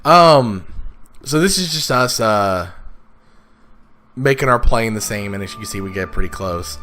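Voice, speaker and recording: A man with a raspy, stuffed-up voice, casually talking through his gameplay with lots of fillers and restarts. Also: on the low side, expressive, unhurried, sharp tone. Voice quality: raspy, congested from blocked sinuses. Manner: rambling, many fillers and restarts. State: sniffly, stuffed up. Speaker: let's play gamer.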